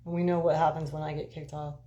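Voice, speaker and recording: A woman's voice: low-pitched, level tone, a little fast, dark tone, muffled recording. A woman hosting a live stream, chatting with viewers in a rambling, candid and profane way. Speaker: livestream host chatting with viewers. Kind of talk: casual chat.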